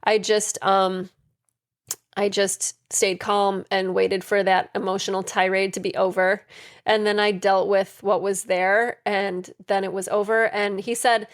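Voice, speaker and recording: A woman co-hosting a casual podcast chat, talking hesitantly with many fillers. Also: mid-range voice. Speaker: podcast co-host.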